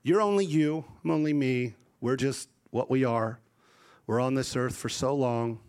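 A middle-aged man preaching a sermon, animated and rising to loud emphasis, acting out voices as he tells stories. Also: mid-range voice, measured pace, clear, resonant tone.

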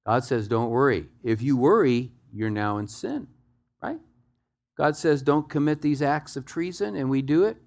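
A man preaching to his congregation in a mid-pitched voice. His delivery is emphatic, dropping into soft, low asides and then climbing into loud, raised exhortation. He leads his listeners through passages step by step. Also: normal speed. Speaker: pastor. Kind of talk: sermon.

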